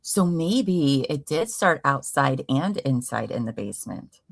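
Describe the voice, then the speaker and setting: A woman's voice: extremely low pitch, expressive, measured pace, gravelly, no echo. A woman from Ohio hosting a casual true crime livestream, chatting and reading viewer comments aloud. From Ohio, USA. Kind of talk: casual chat.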